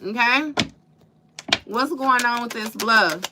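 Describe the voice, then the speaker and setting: A woman's voice: a little high, takes it slowly, noisy background. A woman giving a casual live tarot reading, slangy and profane, laughing often and calling the listener baby. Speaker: tarot reader.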